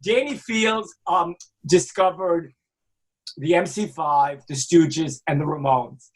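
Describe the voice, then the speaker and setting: A man, telling wild stories in a casual interview, animated and swearing freely. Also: on the high side, slow pace. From Brooklyn, New York. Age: 60s. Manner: animated, acts out quoted voices, swears freely. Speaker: guest, music industry veteran.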